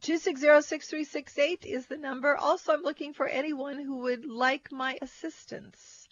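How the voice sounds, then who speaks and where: A woman's voice: high-pitched, fairly even intonation, moderate pace, no room sound. A woman co-hosting a radio food show, chatting and reading out the call-in number. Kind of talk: radio talk show chat. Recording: dull radio audio with faint noise.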